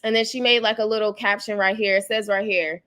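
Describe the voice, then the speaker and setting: A woman's voice: mid-range voice, steady tone, fairly quick, fairly bright tone. A woman hosting her channel's livestream, chatting casually about celebrity gossip, rambling and greeting viewers in the chat. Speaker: YouTube channel host.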